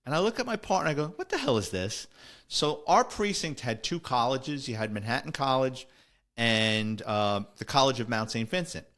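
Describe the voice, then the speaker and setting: A man's voice: mid-range voice, animated, normal speed, a bit bright. A middle-aged man, a former police officer telling a story in a wry, conversational way on a podcast. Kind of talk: casual storytelling.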